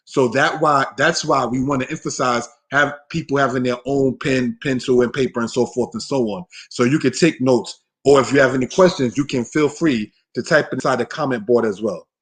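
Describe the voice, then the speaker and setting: A man giving a Hebrew lesson from slides, speaking to a computer microphone. He repeats himself often and calls his listeners brothers and sisters. He slows right down when he reads out each word. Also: medium pitch, husky. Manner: says vocabulary slowly and deliberately. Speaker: Hebrew teacher. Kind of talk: slide-based language lesson.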